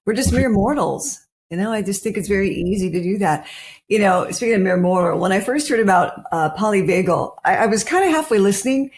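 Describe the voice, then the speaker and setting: A woman's voice: mid-range voice, expressive, a little fast, darkish tone. A woman co-hosting a podcast interview, chatty and self-deprecating in an easy conversational way. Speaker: podcast co-host. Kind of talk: casual interview talk.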